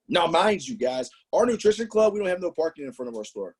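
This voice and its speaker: A man's voice: fairly high pitch, lively intonation, brisk, slightly rough. A man giving an emphatic, motivational sales presentation on a business call, talking straight to his audience. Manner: hyped, emphatic, talks to the audience directly.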